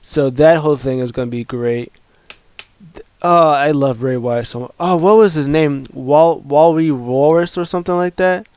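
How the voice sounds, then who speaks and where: A man hosting a casual wrestling recap, excitable and rambling, with lots of fillers and restarts. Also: fairly high pitch, normal speed, smooth, no room sound. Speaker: wrestling show recap host. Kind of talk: casual video commentary.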